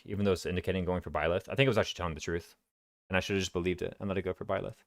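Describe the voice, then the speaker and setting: Fast-talking streamer with a Southern drawl. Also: male voice, sits low, a bit bright, no room sound, clean studio sound. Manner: rambling, thinking aloud, drops consonants. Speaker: streamer playing a strategy game. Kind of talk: casual gameplay commentary. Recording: game music playing underneath. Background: game music.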